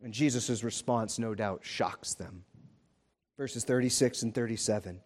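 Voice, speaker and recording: A man's voice: mid-range voice, measured pace. A male pastor preaching a sermon in an emphatic, repetitive style.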